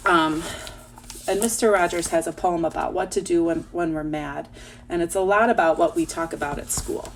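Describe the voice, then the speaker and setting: A young woman teacher reading aloud and talking gently to young children at home. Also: on the low side, slight background noise.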